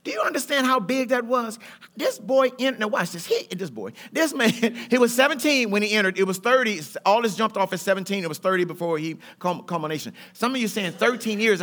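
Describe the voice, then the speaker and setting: A man's voice: sits high, fairly bright tone. A middle-aged male pastor, preaching a sermon with rising fervor and a loose, rhythmic, colloquial delivery. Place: church sanctuary.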